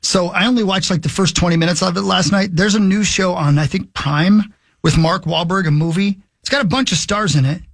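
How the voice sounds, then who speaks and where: Fast-talking high-voiced male host. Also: gravelly, dry recording, clean studio sound. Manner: chatty and excited, piles on restarts. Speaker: radio host. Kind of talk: casual radio chat.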